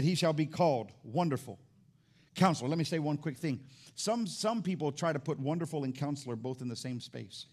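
A man's voice: mid-range voice, a little mellow. A middle-aged man preaching a sermon in church as pastor, emphatic and repeating his key phrases.

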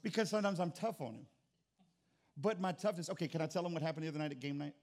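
A pastor preaching a sermon, animated and acting out little dialogues, moving from loud bursts to quiet, low reflection. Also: male voice, very fast. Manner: animated, acts out voices and dialogue. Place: church sanctuary.

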